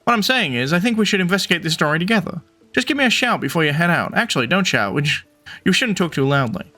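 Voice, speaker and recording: A man's voice: high-pitched, lively intonation, fast, bright, forceful tone, faint music behind, full character voice. A man voicing an eager male bird reporter in a game, friendly and jumpy, who keeps calling the listener partner. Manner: upbeat, calls listener partner.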